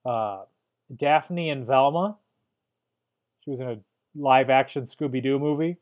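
A man's voice: mid-range voice, narrow, tinny audio. A man hosting a podcast, dryly reviewing a movie and reading trivia with wry asides. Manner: dry, wry, reads trivia haltingly. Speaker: podcast host. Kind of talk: casual movie review chat.

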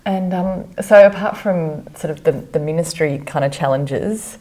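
A woman hosts a relaxed interview. She asks questions and backs her guest up with warm encouragement. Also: deep voice, unhurried. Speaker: podcast host. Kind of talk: casual interview.

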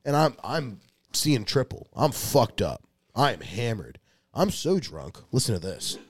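A man's voice: medium pitch, sing-song, unhurried, slightly rough, no echo, studio quality. A young man telling a long, rambling, profane story in casual podcast talk. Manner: rambling, profane, restarts often. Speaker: podcast co-host.

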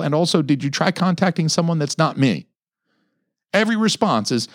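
A fast-talking man in his thirties hosts a podcast from a studio, with no room sound in the recording. He rants casually, swears a lot, and raises his pitch to parody other people's words.

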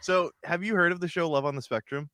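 A man's voice: a little high, fairly even intonation, fast, bright, forceful tone, no echo, studio quality. A man co-hosting a podcast, telling blunt, crude stories in casual chat. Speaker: podcast co-host.

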